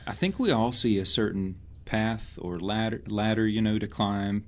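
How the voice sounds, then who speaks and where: Casting note: man with a lowish voice, relaxed reflective guest. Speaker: musician guest. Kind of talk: casual interview chat.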